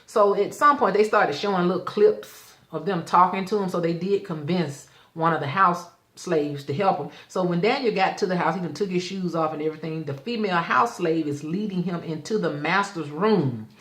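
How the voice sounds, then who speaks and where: A woman, casually recapping a TV episode in animated storytelling and acting out the characters' lines. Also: on the low side, normal speed, hardly any pauses, reverberant. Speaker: show host reviewing a TV episode.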